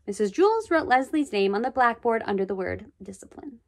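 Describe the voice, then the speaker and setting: A woman reading a children's book aloud, expressive, with chatty asides. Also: on the high side, brisk. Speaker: storybook reader.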